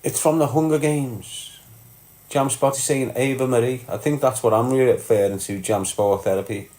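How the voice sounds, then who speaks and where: A man's voice: medium pitch, steady tone, normal speed, darkish tone. A man with a Liverpool accent, chatting casually on a livestream, greeting viewers and reading out their comments, blunt and sweary, calling people lad and mate. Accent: Liverpool (Scouse). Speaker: live streamer.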